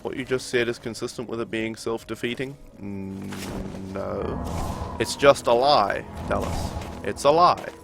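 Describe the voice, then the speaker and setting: A man's voice: lowish voice, unhurried, vocal fry, over music. A man streaming a game live, chatting casually and arguing with viewers in chat. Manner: chatty, argumentative, reading and answering chat.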